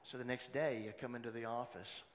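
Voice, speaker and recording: A man preaching a sermon as pastor, moving between loud exhortation and hushed personal storytelling. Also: medium pitch, steady tone, fairly quick. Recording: long hall reverb, faint room noise.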